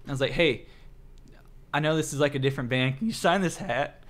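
A man's voice: on the high side, brisk, fairly bright tone. A man hosting a casual late-night podcast, rambling through stories and acting out quotes. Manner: rambling storyteller, acts out quotes. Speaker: podcast host.

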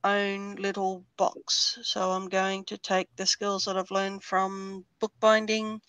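A woman's voice: medium pitch, completely flat delivery, takes it slowly, fairly bright tone, smooth, dry recording, low-quality recording. An Australian woman guesting on an art stream, chatting as she crafts, with dry joking asides. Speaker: guest artist. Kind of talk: casual chat while crafting.

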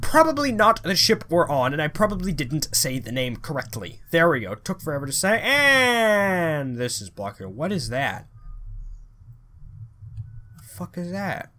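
A man giving let's play commentary, excitable, swearing a lot and thinking aloud as he plays. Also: fairly high pitch, a little slow. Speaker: gamer.

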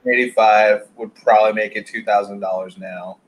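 A man co-hosting a casual toy chat, speaking in a relaxed, offhand way with some casual swearing. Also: on the low side, moderate pace, poor audio. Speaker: co-host on live chat. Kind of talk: casual live chat about toys.

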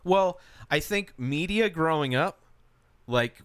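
Lively, swearing casual male podcaster. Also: a little high, smooth, no room sound. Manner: swears freely, quick offhand opinions. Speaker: podcast co-host. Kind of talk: casual chat.

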